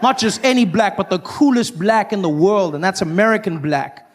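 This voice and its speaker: A man from South Africa with a South African accent, performing stand-up comedy with animated storytelling that slips into character voices. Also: high voice, moderate pace. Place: live comedy venue with audience.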